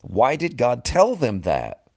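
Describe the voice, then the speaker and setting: A man preaching a sermon in an earnest way, often dropping low and quiet for emphasis and calling the listener "friend". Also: huge pitch swings, slow, vocal fry, no room sound.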